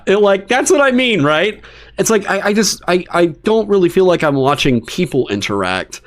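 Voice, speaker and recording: A man hosting a livestream, talking casually and swearing in exasperated, animated rants. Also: a little high. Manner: animated, profane ranting with exasperated asides. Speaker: streamer hosting a dungeon design stream.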